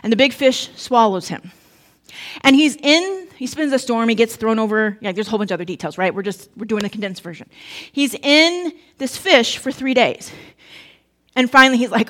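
A woman's voice: fairly high pitch, measured pace. A woman pastor giving a casual, story-driven sermon with humorous asides.

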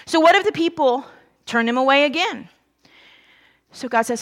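A woman preacher giving a sermon in a conversational, animated storytelling way with casual asides. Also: on the high side, brisk.

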